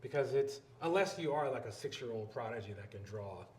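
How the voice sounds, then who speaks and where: A man's voice: mid-range voice, fairly quick, slight background noise. A man with a Philadelphia accent, a filmmaker and educator, telling stories in an interview and acting out the people in them. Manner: animated storyteller, acts out quoted voices. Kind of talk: storytelling interview talk. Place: live event venue. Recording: roomy live event recording.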